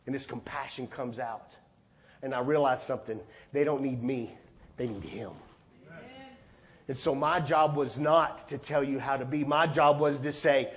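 A man preaching a sermon as a pastor, from Texas, swinging between loud, high bursts and quiet, low asides as he acts out conversations. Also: normal speed. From Texas, USA.

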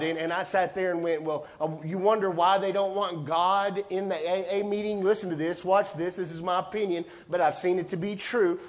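A man preaching a sermon as a pastor, from Texas, swinging between loud, high bursts and quiet, low asides as he acts out conversations. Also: fairly even intonation, normal speed, few pauses. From Texas, USA.

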